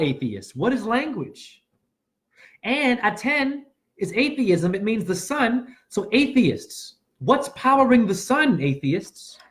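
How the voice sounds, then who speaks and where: Man, high voice, wildly swinging pitch, erratic rambling livestream rant, preachy, shouting then muttering. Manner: preachy, chains loose wordplay and puns. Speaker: self-styled spiritual teacher and name reader.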